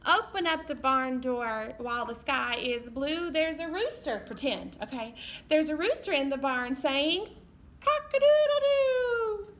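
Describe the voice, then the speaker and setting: Cheery high-voiced woman leading storytime. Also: expressive, unhurried, a bit bright. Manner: cheery, encouraging, sings and makes animal sounds. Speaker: children's librarian leading baby storytime. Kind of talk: sing-along storytime for babies. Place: library storytime session.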